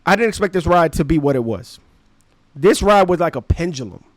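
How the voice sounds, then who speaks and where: A man in his thirties with a fairly high voice, spinning a slangy, animated story for his podcast. The sound is dry and close, with no room ring. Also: brisk, no room sound. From Brooklyn, New York. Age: 30s. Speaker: podcast host. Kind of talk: casual storytelling.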